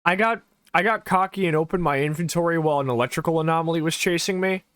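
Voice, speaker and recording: A woman's voice: sits low, quick pace, dry recording. A woman streaming a game live, chatting casually with viewers, rambling and swearing, with frequent fillers and laughs. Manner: reacts aloud to gameplay and answers chat. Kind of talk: casual gameplay livestream chat.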